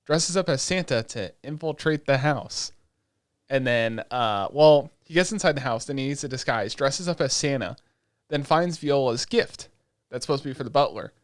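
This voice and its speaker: In a casual podcast chat, a male co-host with a mid-pitched voice recaps episodes at a moderate pace, sounding dry and close-miked without echo. His retelling is loose, profane and heavy on fillers, and he slips into characters' lines as he animatedly tells the story.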